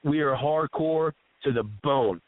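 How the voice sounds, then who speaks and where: A man's voice: a little high, unhurried, dry recording, phone-quality sound. A man hosting casual radio talk, telling stories in an earnest, emotional, heartfelt way. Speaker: host.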